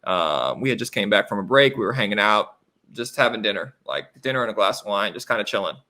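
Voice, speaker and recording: American man, 30s, interview guest; bright, forceful voice, rambling storyteller. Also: lowish voice, quick pace. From United States. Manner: animated, rambling anecdotes with many fillers. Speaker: interview guest, professional basketball player. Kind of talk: casual storytelling.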